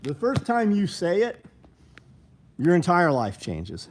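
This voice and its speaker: There's slight background noise as a medium-pitched man with big pitch swings talks a little slowly on his casual livestream. Blunt and full of swearing, he rambles, calls out viewer names, and pitches gear.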